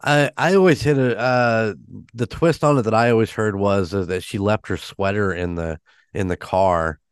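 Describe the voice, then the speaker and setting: A laid-back man co-hosts a podcast, chatting casually and mostly agreeing with short replies. His voice is low-pitched and smooth, and he is recorded close and dry. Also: normal speed, no room sound. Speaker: podcast co-host. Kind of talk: casual chat.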